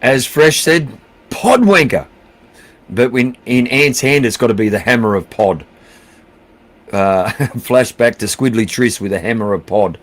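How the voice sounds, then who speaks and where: A man's voice: fairly low pitch, normal speed. A middle-aged Australian man hosting a livestream, reading out viewer comments in casual, blunt chat, swearing freely and calling everyone mate. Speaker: livestream host.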